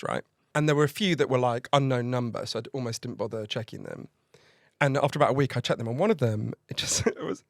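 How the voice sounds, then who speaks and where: A man telling a long funny story as a podcast guest, excitable and laughing as he goes. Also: mid-range voice, no room sound, studio quality. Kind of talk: animated anecdote telling.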